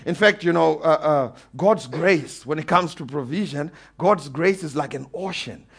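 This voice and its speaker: A man preaching a sermon to a congregation, animated, calling for amens and building to emphatic peaks. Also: fairly high pitch, measured pace, creaky, husky. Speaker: pastor.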